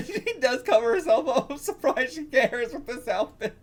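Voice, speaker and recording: A man's voice: very high voice, lively intonation, moderate pace, few pauses. A man reacting to a manga, rambling casually, swearing and laughing as he reads.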